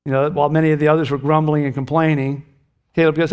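A man's voice: on the high side, little pitch movement, fast talker, darkish tone, smooth. A middle-aged man preaching a sermon as pastor, earnest and emphatic, lifting his voice on key phrases.

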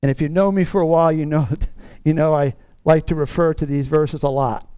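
Middle-aged guy preaching, earnest, high clear voice, dry close sound. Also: fairly even intonation, dark tone, dry recording. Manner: earnest, with slow stretched emphasis on key words. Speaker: pastor. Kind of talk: sermon.

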